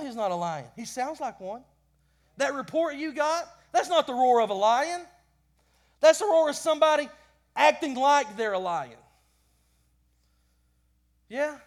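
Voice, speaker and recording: High-voiced impassioned male preacher. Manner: impassioned, rising and falling in loudness; repeats words when stumbling. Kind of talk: sermon.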